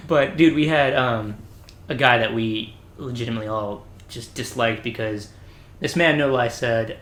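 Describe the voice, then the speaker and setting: A young man on a podcast, telling crude stories in a lively, casual way. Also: medium pitch, moderate pace. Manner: animated, crude, laughing storyteller. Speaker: podcast guest. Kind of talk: casual storytelling chat. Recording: echoey room, faint background noise.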